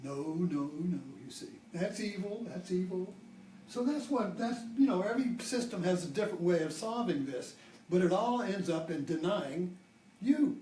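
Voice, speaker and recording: A man's voice: high-pitched, animated, normal speed, dark tone, far from the mic, slight background noise. An older man giving an informal spiritual talk, rambling and restarting his sentences often. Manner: rambling, with many restarts and fillers. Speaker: spiritual teacher. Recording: roomy, from off-mic.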